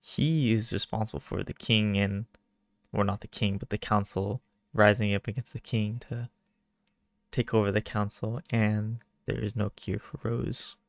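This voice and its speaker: A man chatting casually through his own gameplay, self-mocking and quick to get excited. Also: lowish voice, gravelly, no echo. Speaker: gaming video creator. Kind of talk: casual game commentary.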